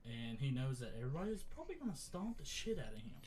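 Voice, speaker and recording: A young man, a podcast co-host, telling a story in casual chat, animated and laughing often. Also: mid-range voice, quick pace, crowd noise.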